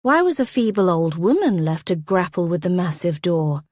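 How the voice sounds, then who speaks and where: A woman narrating a historical romance audiobook in a measured, descriptive way, close to a studio mic. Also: fairly low pitch, sing-song, darkish tone, dry recording. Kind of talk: scripted narration.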